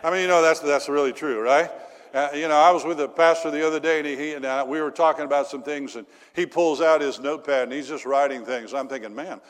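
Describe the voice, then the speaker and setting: A male pastor preaching in a folksy, storytelling way, with lots of fillers and questions to the congregation. His voice sits a little high for a man. Long reverb from a large church hall hangs behind every line. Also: fairly even intonation, fast. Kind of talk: sermon.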